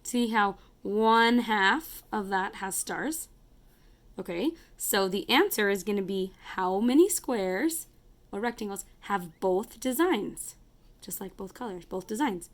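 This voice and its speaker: A woman's voice: mid-range voice, expressive, slow pace. Woman, elementary math teacher; casual, chatty, self-correcting, counts aloud while drawing. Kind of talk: casual math lesson to kids.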